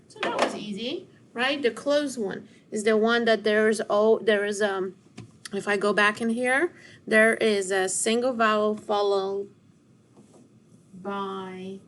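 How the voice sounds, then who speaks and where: A woman teacher giving a recorded word study lesson to children, speaking slowly and deliberately and sounding out words syllable by syllable with encouragement. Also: mid-range voice, fairly bright tone, a little hiss or hum. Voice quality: slow, deliberate classroom delivery, stretching out words.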